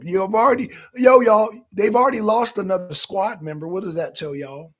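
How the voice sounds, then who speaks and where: A man's voice: high-pitched, brisk, few pauses, breathy edge. A man co-hosting a political talk show, talking casually and profanely straight to his viewers. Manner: animated, profane, chatting directly to viewers. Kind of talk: casual livestream commentary.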